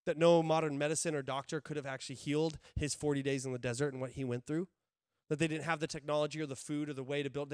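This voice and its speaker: A man's voice: sits high, a bit bright, no echo, studio quality. A male pastor preaching a sermon emphatically, repeating key phrases and putting questions to the congregation.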